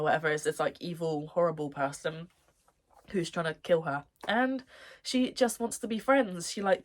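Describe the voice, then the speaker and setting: A young woman chatting through a casual anime review vlog at a middle pitch. She gushes and rambles, laughing through her sentences, with her throat sounding a little dry. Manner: gushing, rambling, laughs often.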